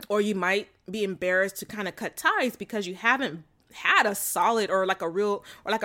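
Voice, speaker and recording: A woman's voice: medium pitch, a bit bright. A woman chatting casually to her viewers about relationships, candid and slangy, laughing often and filling her talk with "like" and "you know.". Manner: frank and slangy. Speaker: vlogger giving relationship advice. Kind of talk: casual chat to camera.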